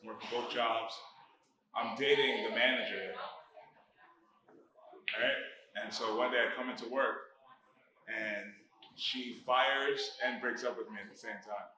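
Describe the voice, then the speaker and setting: A man, a comedian from Miami, telling a story in a casual interview, animated and swearing, acting out what people said. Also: medium pitch, a little slow, pauses often. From Miami, Florida. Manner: animated, swearing, acts out quotes. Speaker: comedian guest. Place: brewery after a comedy show. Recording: echoey bar with crowd noise. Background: crowd chatter.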